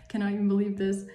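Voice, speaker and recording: A woman's voice: medium pitch, dark tone, roomy sound. A woman doing a tarot reading for her viewers, angry and emphatic, swearing often. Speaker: tarot reader.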